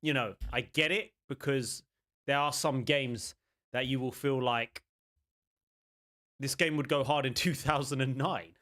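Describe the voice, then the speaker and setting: A young man hosting a gaming channel, chatting casually and excitedly as he reacts to game trailers in a rambling, jokey way. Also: mid-range voice, measured pace.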